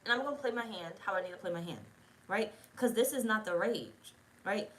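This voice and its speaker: A woman's voice: medium pitch, a little fast, poor audio. A woman giving a tarot reading to her viewers in a rambling, casual way, swearing freely and often checking that they are following her. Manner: rambling, profane, talks straight to viewers. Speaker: tarot reader.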